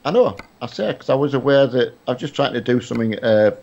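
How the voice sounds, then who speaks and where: On a lo-fi, dull-sounding stream of a truck game, a middle-aged man talks casually with his son in a mid-range voice that's creaky and a little mellow. He's animated and talks fast, though he rambles, hesitates, and restarts often, with plenty of fillers.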